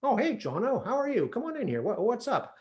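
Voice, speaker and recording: A blustery middle-aged dad barking at the television, as a man puts him on, his voice jumping high and loud with every outburst. He is exasperated, with sharp bursts of shouting in a solo stage story. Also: wildly swooping pitch, brisk, heavily acted. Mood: cheerful. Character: gruff middle-aged dad yelling at football on TV.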